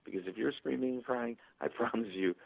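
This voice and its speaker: A male author telling stories and acting out parents' voices in a radio interview, with a husky, gravelly voice. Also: medium pitch, fairly quick. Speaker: author guest. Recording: tinny phone line.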